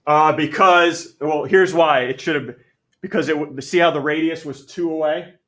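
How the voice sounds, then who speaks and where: A male math teacher lecturing a classroom, energetic and jokey, calling on students by name. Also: fairly high pitch, normal speed. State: out of breath.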